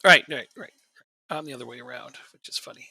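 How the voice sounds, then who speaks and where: Raspy, bright-voiced male gaming streamer. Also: mid-range voice, fast talker, no echo. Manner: joking, laughs often. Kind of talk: casual gaming chat.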